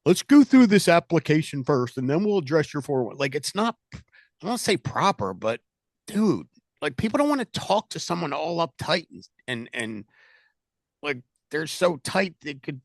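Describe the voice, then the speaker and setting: A middle-aged man talks shop with his sales agents in a loud, animated coaching chat. His voice sits fairly high and has a gravelly edge, recorded close and dry. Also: moderate pace, no echo. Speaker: sales team leader.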